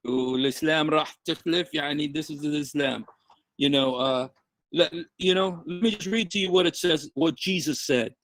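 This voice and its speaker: Fast, high-voiced man preaching in a dry room. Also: a bit bright, dry recording. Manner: switches between English and Arabic, emphatic and repetitive. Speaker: Christian broadcaster answering commenters. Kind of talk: direct-to-camera preaching address.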